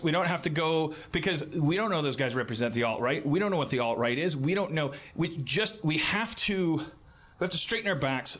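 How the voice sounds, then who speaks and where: Forty-something guy rambling on a live comedy podcast, bright voice, keeps restarting, mocking squeaky voices. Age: 40s. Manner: rambling, self-interrupting, mocking shrill impressions. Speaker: podcast host. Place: live venue stage.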